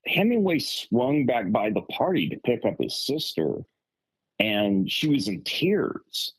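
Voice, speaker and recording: A man on a podcast telling a story in casual chat, rambling and animated with lots of fillers. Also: mid-range voice, takes it slowly, slightly rough, no echo, poor audio. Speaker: podcast co-host.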